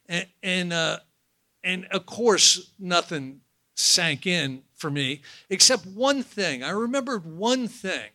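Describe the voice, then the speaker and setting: A man telling a live audience his own story in a halting, candid way. He repeats words often and adds wry asides. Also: on the high side, pushed and bright, dry recording. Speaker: speaker sharing his recovery story.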